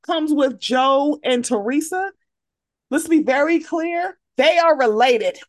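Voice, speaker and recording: Brief: woman podcast guest, blunt and emphatic, slightly high voice. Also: animated, slow pace. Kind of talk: casual chat.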